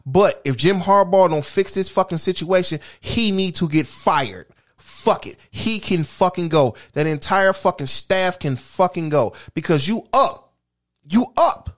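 A man's voice: high voice, measured pace. A man, co-hosting a podcast, ranting about football in crude, heated casual talk. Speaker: podcast co-host. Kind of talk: crude casual chat and sports rant.

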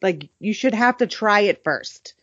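A woman's voice: medium pitch, animated, unhurried, fairly bright tone, lo-fi sound. A woman from central Massachusetts with a Massachusetts accent, co-hosting a podcast and ranting sarcastically. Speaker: podcast co-host. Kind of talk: casual podcast chat.

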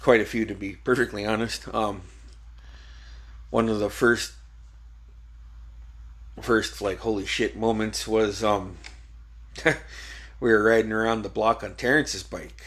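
A man's voice: on the low side, fairly even intonation, takes it slowly, pauses often, fairly bright tone. A man hosting a podcast, casually telling old stories with frequent swearing and laughter. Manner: laid-back storytelling with frequent swearing and laughs. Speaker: podcast host. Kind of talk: casual chat.

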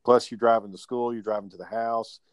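A man telling work stories in casual chat, animated and profane, acting out the people he quotes. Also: mid-range voice, fairly quick, clear, resonant tone, dry recording.

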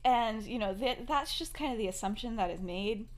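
A woman's voice: a little high, a little hiss or hum. Chatty young woman telling a story. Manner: chatty, laughs often, acts out characters' lines in quick quotes. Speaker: podcast host. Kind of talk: casual fan-fiction storytelling chat.

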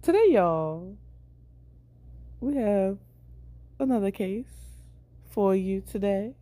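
A woman's voice: mid-range voice, animated, takes it slowly, warm tone. A woman co-hosting a podcast, chatting casually and laughing through banter about a fraud case. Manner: laid-back, laughing banter. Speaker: podcast co-host. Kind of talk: casual chat.

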